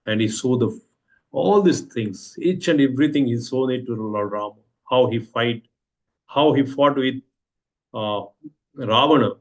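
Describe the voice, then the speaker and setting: A man's voice: mid-range voice, measured pace. Indian man teaching a scripture story. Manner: repeats rhetorical questions, hesitant fillers.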